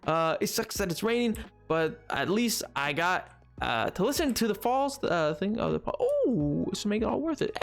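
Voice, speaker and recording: A man's voice: high voice, big pitch swings, normal speed, gravelly, hardly any pauses, soft background music. A man streaming a game, rambling and joking with his viewers in casual chat. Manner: rambling, jokey, chatting to viewers.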